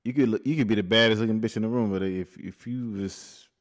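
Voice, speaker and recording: A man's voice: on the low side, fairly even intonation, a little fast. A man co-hosting a podcast in casual chat, laid back and reflective. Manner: laid-back, talks it through with fillers. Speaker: podcast co-host.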